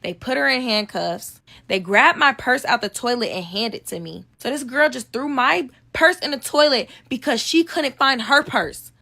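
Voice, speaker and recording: A woman's voice: high-pitched, moderate pace, creaky, pushed and bright. Young woman storyteller, casual and slangy, conversational vlog delivery. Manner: chatty, slangy, quotes people with "I'm like". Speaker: storytime vlogger.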